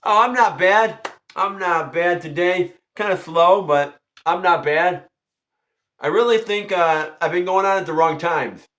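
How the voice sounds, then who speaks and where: A high-pitched man chats loosely with his livestream viewers, circling back to the same phrases again and again. He greets people by name and talks in a relaxed, repetitive flow as a tarot reader waiting for clients. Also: measured pace. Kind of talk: casual livestream chat.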